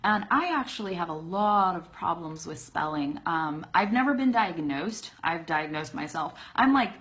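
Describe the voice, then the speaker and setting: A woman teaching English pronunciation in a casual live-streamed lesson, talking straight to viewers and slowing down to demonstrate sounds. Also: fairly low pitch, expressive, fairly bright tone. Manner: talks to viewers directly, demonstrates sounds slowly, laughs easily. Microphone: phone or webcam for a live video stream.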